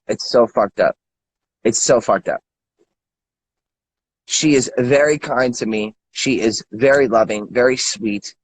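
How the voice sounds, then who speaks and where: Husky-voiced man, thirties, furious stammering rant. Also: medium pitch, poor audio. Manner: angry, profane, stammering repeats. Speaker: guest. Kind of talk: angry rant.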